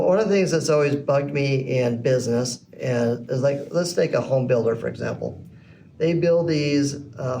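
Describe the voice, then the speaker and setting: A middle-aged man, a podcast guest, telling his business story in a casual way and acting out the voices of the people in it. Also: fairly high pitch. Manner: animated storyteller who acts out quoted dialogue. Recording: slightly distant mic with faint background noise.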